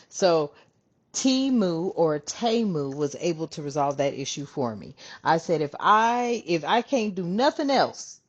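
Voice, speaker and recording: Low-voiced casual female card reader, lively swings, muffled home recording. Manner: chatty, swears freely, calls viewers family. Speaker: tarot reader. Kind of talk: casual spiritual channel talk. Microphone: camera on her hands. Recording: dull lo-fi sound.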